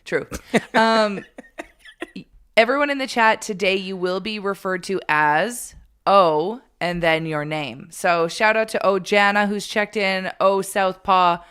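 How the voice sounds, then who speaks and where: A woman co-hosting a casual morning talk show, teasing and quick-witted in the banter. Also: medium pitch, a bit bright, clear, resonant tone. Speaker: co-host.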